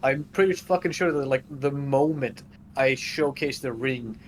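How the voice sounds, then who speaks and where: A man's voice: mid-range voice, a little slow, slight background noise. A man taking part as a player in a tabletop role-playing game, formal in character and casual out of it.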